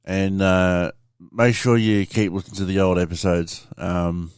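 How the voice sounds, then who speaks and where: A man's voice: low-pitched, level tone, unhurried, clean tone, no room sound, clean studio sound. A man hosting a podcast, rambling casually through a story and swearing freely as he talks to his listeners. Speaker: podcast host.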